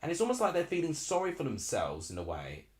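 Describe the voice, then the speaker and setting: A man's voice: on the high side, huge pitch swings, fast, roomy sound. A young man from Essex in his twenties, hosting a live football watchalong and chatting in a rambling way as he reacts aloud to the match. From Essex, England. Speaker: live stream host.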